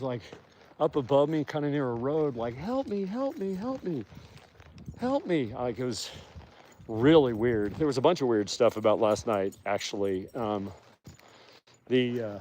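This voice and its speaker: A man's voice: mid-range voice, a little mellow, a little hiss or hum. A man live-streaming from the woods at night on a handheld phone, telling a long story in a rambling way full of fillers. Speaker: live-streaming wolf keeper. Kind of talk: casual live stream chat. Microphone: phone held while walking.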